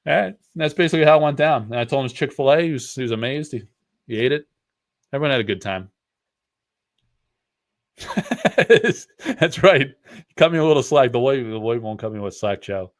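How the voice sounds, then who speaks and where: A man's voice: mid-range voice, lively intonation, brisk, pauses often. A man from the Northeastern United States, a card collector hosting his channel, telling rambling, joking stories while he opens card packs at home. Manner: rambling, joking, trash-talking banter. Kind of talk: casual storytelling while opening card packs.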